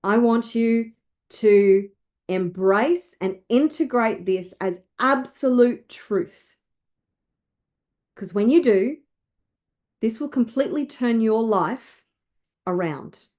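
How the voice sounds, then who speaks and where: A woman's voice: fairly high pitch, darkish tone. Emphatic woman wealth coach. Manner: slow, emphatic, repeating affirmations. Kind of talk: motivational coaching with affirmations.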